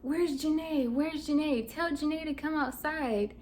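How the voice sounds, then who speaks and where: A woman voicing her angry ex-boyfriend, a man who yells the same demands over and over. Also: extremely high pitch, moderate pace, slight background noise, pitched above the performer's own voice. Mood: furious.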